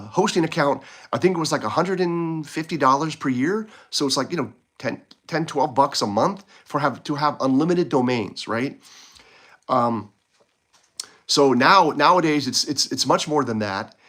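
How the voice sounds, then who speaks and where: A man ranting casually to his viewers, frustrated and rambling, often restarting his sentences and jumping up in pitch when he gets worked up. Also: animated, normal speed, fairly bright tone. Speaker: video blogger. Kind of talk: casual rant to camera. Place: home in Poland.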